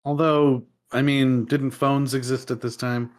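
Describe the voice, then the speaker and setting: A man co-hosting a podcast in casual chat, reacting in an animated way, laughing easily and swearing freely. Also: medium pitch, measured pace. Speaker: podcast co-host.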